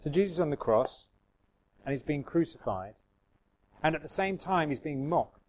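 A man's voice: a little high, animated, normal speed, low-quality recording. A man preaching a sermon in a conversational way, reading scripture aloud and musing with restarts and asides to the congregation.

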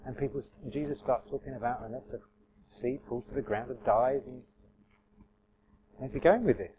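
Male preacher, medium pitch, casual talky sermon, wry and self-correcting. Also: normal speed, lo-fi sound. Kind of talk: informal sermon with audience interaction.

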